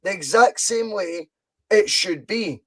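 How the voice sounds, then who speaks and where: A Scottish man in his thirties with a high voice rattles on slowly in a casual football podcast chat over a video call, in a rough recording. He's excitable and sweary, drifting from point to point.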